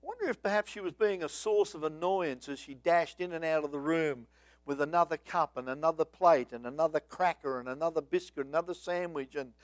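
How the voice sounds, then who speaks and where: A man's voice: on the high side, brisk, dry recording. A man preaching a sermon, telling a story with dramatic rises and acting out voices. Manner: dramatic, acts out voices of biblical figures.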